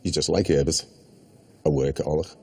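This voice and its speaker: Solemn, deep-voiced messenger. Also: male voice, fairly even intonation, a little fast, creaky, warm tone, husky, exaggerated voice.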